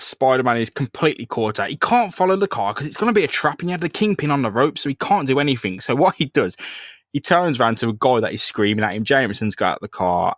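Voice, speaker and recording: A man's voice: mid-range voice, dry recording, studio quality. A young man hosting a podcast, retelling a comic in casual chat, laughing often and acting out the characters. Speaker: podcast co-host.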